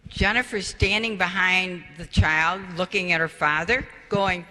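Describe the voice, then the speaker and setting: A woman's voice: lowish voice, moderate pace, hardly any pauses, pushed and bright. An older woman giving a spiritual parenting talk, telling stories and acting out the quoted voices with animation. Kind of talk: storytelling talk to an audience. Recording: reverberant hall.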